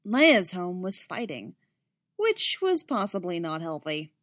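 A woman reading a story aloud in a quiet, measured way. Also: lowish voice, sing-song, no echo, clean studio sound. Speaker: narrator. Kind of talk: audiobook reading.

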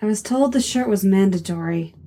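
A woman's voice: mid-range voice, brisk, mellow, lightly acted. A woman voicing a grudging, aloof young woman who speaks dry and reluctant.

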